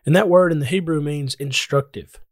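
Man, sermon, fairly high voice, earnest teaching tone, dry close sound. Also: fairly quick, no echo. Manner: earnest, explanatory, addresses listeners directly. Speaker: preacher.

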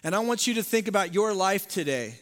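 A lead pastor, a man with a notably high voice, delivers a sermon to his congregation. He swings from loud, emphatic declarations to quiet, near-whispered moments and chats in asides. His voice rings through the long reverb of a large church sanctuary. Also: expressive, brisk.

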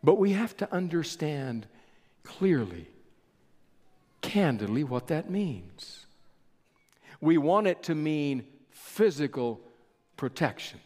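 A man preaching a sermon in a church, slow and deliberate with dramatic pauses. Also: on the high side, sing-song, warm tone. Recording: long reverb of a large hall.

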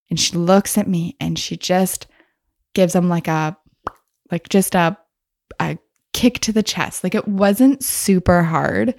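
A woman's voice: lowish voice, a little mellow, no room sound, studio quality. A woman hosting a podcast, telling stories in a chatty, casual way and laughing often. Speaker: podcast host. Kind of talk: casual storytelling.

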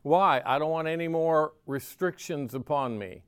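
An older man preaching a sermon, lively and conversational, often asking his listeners "right?" and briefly acting out voices he quotes. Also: fairly high pitch, moderate pace, clean tone, no echo, studio quality. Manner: animated, asks the audience "right?" often, acts out quoted voices. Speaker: pastor.

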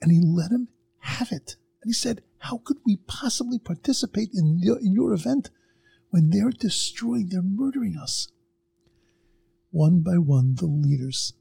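A middle-aged man on a podcast telling a story in casual chat, acting out what other people said with sudden jumps in pitch. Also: warm tone. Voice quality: gravelly and husky. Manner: acts out quoted people with big jumps in pitch.

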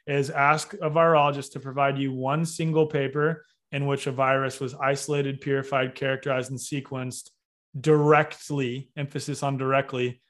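Male interview guest, mid-pitched, emphatic, lecturing, methodical. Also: a bit bright. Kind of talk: interview argument.

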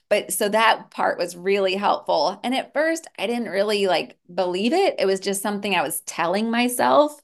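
A woman, a therapist speaking in a candid podcast conversation, earnest and reflective with soft laughs. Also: mid-range voice, expressive, normal speed, hardly any pauses. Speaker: therapist and guest.

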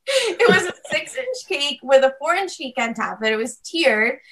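Bubbly woman guest, high bright voice, quick chatty stories over a video call. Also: very animated. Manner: bubbly, laughs often, quick storytelling. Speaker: bakery co-owner, guest. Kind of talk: casual podcast chat. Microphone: video call mic.

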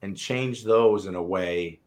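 A man's voice: sits low, takes it slowly, darkish tone. A middle-aged man, a coach and co-host, candidly telling his story in a live conversation and acting out his own inner voice, with casual swearing.

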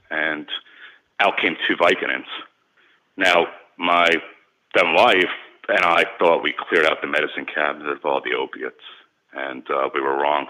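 Very deep-voiced man telling his story. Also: pushed and bright, low-quality recording. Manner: earnest, candid, repeats words when emotional. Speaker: sports and celebrity agent, guest. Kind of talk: personal storytelling in an interview.

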